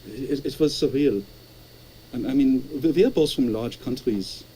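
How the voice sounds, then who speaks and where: A man's voice: medium pitch, moderate pace, mellow, husky, poor audio. A man calling in to chat, stammering and repeating words as he tells stories. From Canada. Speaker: caller. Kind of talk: casual chat.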